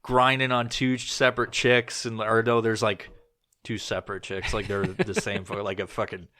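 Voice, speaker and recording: Bright-voiced man telling a profane story. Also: on the low side, little pitch movement, normal speed. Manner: rambling, profane, loose storytelling with many fillers. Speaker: podcast host. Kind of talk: casual storytelling chat.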